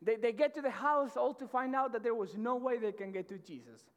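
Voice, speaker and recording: A man preaches from the stage of a church auditorium, his voice sitting high for a man. He keeps it loose and slangy, stumbling through restarts and checking in with the room, while a long reverb trails every phrase. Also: brisk. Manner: conversational and slangy, with many restarts and repeated "right?". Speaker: pastor. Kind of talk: casual sermon to college students. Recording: long reverb of a large hall.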